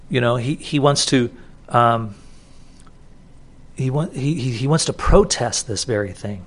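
A pastor preaches an expository sermon from the pulpit in an easy, conversational style. His middle-pitched voice has lively intonation and an unhurried pace with long pauses, and he restarts phrases and repeats key words to drive his point home.

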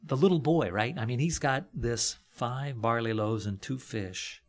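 Male preacher, husky tone, folksy chatty sermon delivery. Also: mid-range voice, measured pace. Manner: folksy, joking asides, frequent fillers. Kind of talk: conversational sermon.

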